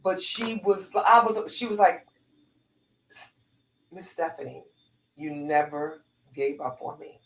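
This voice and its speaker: A woman's voice: on the low side, animated, slow pace, pauses often, echoey room, rough recording. A woman, a former police corporal, telling a heartfelt personal story with lots of restarts and repeats.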